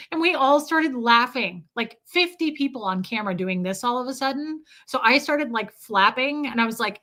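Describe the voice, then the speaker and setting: A woman's voice: fairly high pitch, bright, forceful tone. A woman chatting casually with viewers on a live stream, laughing often and greeting people by name.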